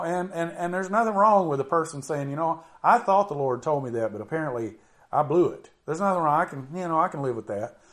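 A middle-aged man delivers an informal, conversational sermon in a fairly high voice, drawing out words for emphasis and saying "you know" a lot.

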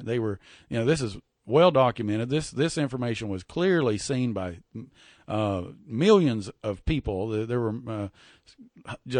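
A man teaching from the Bible in a folksy sermon style, often repeating words and reading scripture slowly and deliberately. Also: mid-range voice, no echo, clean studio sound. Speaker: preacher.

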